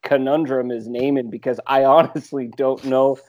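Dude cohosting a podcast, rambly, lots of uh, normal pitch. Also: male voice, steady tone, normal speed, a little mellow, highs cut off. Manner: rambling, hesitant with frequent "uh". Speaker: podcast co-host. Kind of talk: casual chat.

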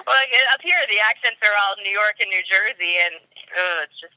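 A woman chatting as a podcast guest about racing, animated and quick to laugh. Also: medium pitch, no room sound, rough recording. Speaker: guest, obstacle racer. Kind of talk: casual chat.

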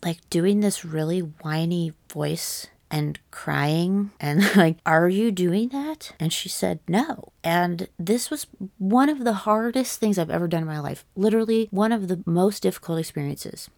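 A young woman with a low voice full of vocal fry. She tells a personal story earnestly and haltingly, with lots of "like" and casual swearing. The sound is close and dry, with no room around it. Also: darkish tone, dry recording.

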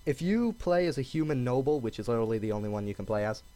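A man co-hosting a casual gaming podcast, animated and quick to laugh, slipping into character voices. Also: mid-range voice. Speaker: podcast co-host.

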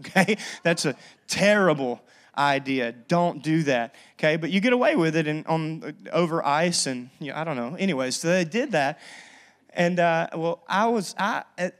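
A young pastor with a high-sitting voice preaches a sermon, sharing a personal story with lots of energy. He frequently restarts his sentences as he goes.

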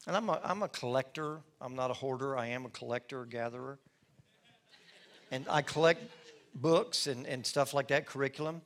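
A man's voice: mid-range voice, moderate pace, a bit bright. A middle-aged man, a lead pastor telling a personal story in a sermon with folksy, self-deprecating humor.

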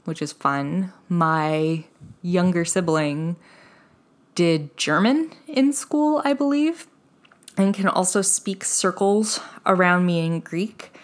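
Low-voiced chatty woman podcaster. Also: slow pace. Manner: chatty, self-deprecating, laughs often. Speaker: podcast host. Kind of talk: casual solo chat.

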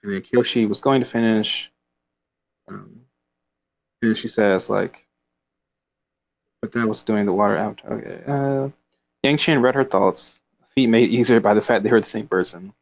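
A man with a lowish voice talks at a moderate pace, leaving long pauses. He discusses a book informally, reading parts aloud and rambling with many fillers and laughs.

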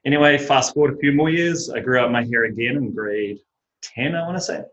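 Young NZ man, podcast guest, relaxed self-deprecating storyteller, mid-range voice, slightly muffled audio. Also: medium pitch, a little fast, slight background noise. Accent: New Zealand. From New Zealand. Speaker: guest, baseball pitcher and teacher. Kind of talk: casual podcast chat. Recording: dull lo-fi audio.

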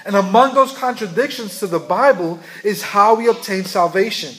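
A man's voice: high voice, normal speed, a bit bright. A man preaching a sermon to a congregation, earnest and asking them questions as he goes. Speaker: pastor.

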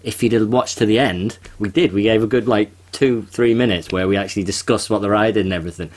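A man's voice: on the low side, fast talker. A man co-hosting a casual podcast, talking in a chatty way with frequent restarts and self-corrections. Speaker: podcast co-host. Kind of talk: casual chat.

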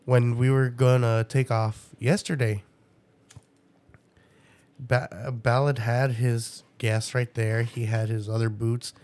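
A man in casual chat, telling an animated story, laughing often and swearing freely. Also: mid-range voice, slow pace.

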